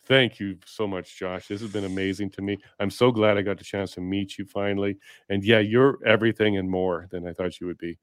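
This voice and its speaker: A man's voice: on the low side, fairly even intonation, brisk, hardly any pauses, dry recording. A man hosting a podcast interview, enthusiastic and effusive, often laughing. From Canada. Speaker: podcast host. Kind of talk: casual interview chat.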